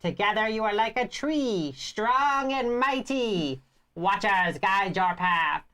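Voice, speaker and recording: A woman's voice: medium pitch, animated, pushed and bright, voice pushed up. A woman putting on a solemn old elder woman. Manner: slow, measured proclamation.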